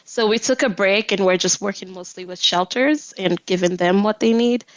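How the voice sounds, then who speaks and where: A woman guesting on a podcast, chatting casually about her volunteer group, bashful and quick to giggle. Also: mid-range voice, no room sound, rough recording.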